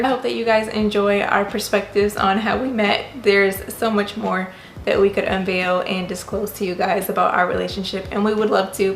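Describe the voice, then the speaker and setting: A woman's voice: medium pitch, a little hiss or hum. A woman casually telling how she met her husband, playful and emphatic at times and earnest when she shares her faith. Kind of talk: casual storytelling with a faith message. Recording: roomy echo.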